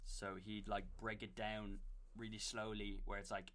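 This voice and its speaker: A young man with a Dublin accent, a guest on a podcast, telling stories in a relaxed way with plenty of fillers. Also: on the low side, normal speed. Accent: Dublin Irish. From Ireland. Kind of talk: casual chat.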